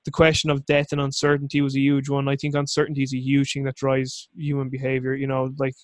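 A man's voice: mid-range voice, completely flat delivery, fast, dry recording. A man hosting a casual interview, talking at length in a rambling, frank way and swearing casually. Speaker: podcast host.

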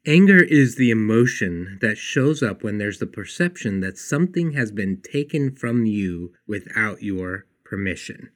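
A man's voice: fairly low pitch, lively intonation, measured pace, hardly any pauses, fairly bright tone. A man hosting a self-help podcast, telling a personal story and acting out the people in it, then explaining an idea to his listeners. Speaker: podcast host.

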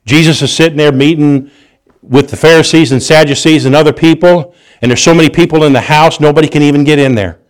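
A man's voice: fairly high pitch, fast talker. Storytelling male preacher. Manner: storytelling, animated, with restarts and chuckles. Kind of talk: sermon.

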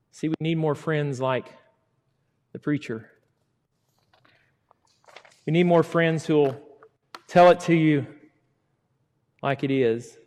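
A middle-aged man preaching a sermon, acting out quoted words and swinging between loud emphasis and hushed asides. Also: a little high. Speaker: pastor. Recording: long hall reverb.

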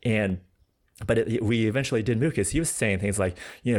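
A young man telling hiking stories as a podcast guest in a casual, animated way, filling his talk with "like". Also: fairly low pitch, fast talker. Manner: animated, heavy use of filler "like". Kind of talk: casual storytelling.

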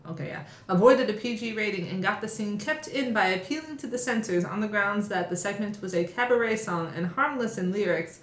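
A woman co-hosting a podcast, chatting casually and reading out trivia with a wry tone. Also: mid-range voice. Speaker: podcast co-host. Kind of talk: casual chat. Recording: roomy echo.

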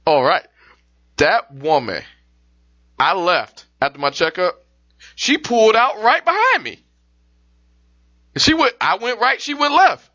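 Male podcast co-host with a high, bright voice. Animated, casual and profane storyteller. Lo-fi sound. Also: unhurried, pauses often. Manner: animated, swears freely, acts out the people in his stories.

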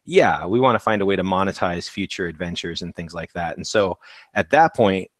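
A man's voice: low voice, a little fast, no room sound. A man on a podcast as a guest publisher, explaining things in a plain, matter-of-fact way over a remote call. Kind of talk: casual chat.

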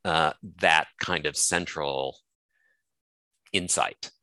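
A man's voice: rumbling low, fairly even intonation, drawn-out words, sharp tone, dry recording. A male scholar explaining ideas from his book in a thoughtful, hedging way, with many fillers and restarts. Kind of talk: conversational explanation.

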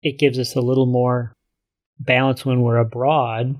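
A male college instructor calmly explaining the course he co-teaches, in a measured conversational way. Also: mid-range voice. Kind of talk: casual conversation.

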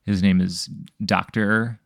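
A man hosting a casual podcast chat, posing a rambling hypothetical with many halting fillers. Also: lowish voice, level tone, no echo, clean studio sound.

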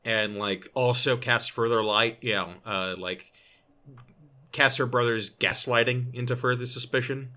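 Bright-voiced man recapping a story. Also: medium pitch, a little slow. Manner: recaps the plot with stammers and restarts. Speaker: podcast co-host. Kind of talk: casual discussion of a fan story.

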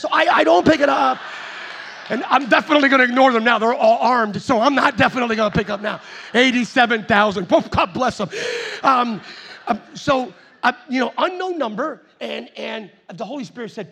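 Very high-voiced, animated male preacher. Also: gravelly, breathy edge. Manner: animated, chuckling storyteller with sudden loud outbursts. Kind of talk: storytelling sermon.

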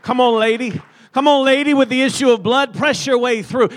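A male pastor with a strikingly high-pitched voice delivers a fervent sermon. He peppers his preaching with amens, surging to shouts and dropping to hushed, pleading tones. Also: normal speed.

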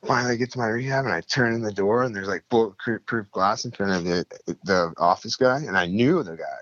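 A young man with a lowish voice tells a rambling, swear-filled story in casual chat. He gets animated and lifts his voice when he acts out what others said. The recording is dry and slightly dull. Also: a little fast, hardly any pauses, no room sound. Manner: profane, rambling, animated when quoting people.

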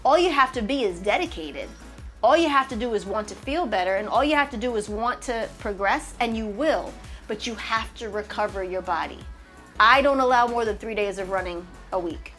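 A woman's voice: on the high side, lively intonation, normal speed, fairly bright tone. A woman running coach giving an emphatic, motivational podcast talk that repeats its points and promotes herself, with faint music behind her. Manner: emphatic, repetitive, self-promoting.

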